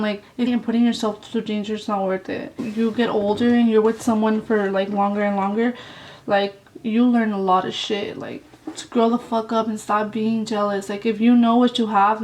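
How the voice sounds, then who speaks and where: Young woman on her vlog, casual storytime, kinda high voice, cussing nonstop, mic kinda far away. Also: a little mellow, slight background noise. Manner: blunt, heavy swearing, lots of "like". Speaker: vlogger.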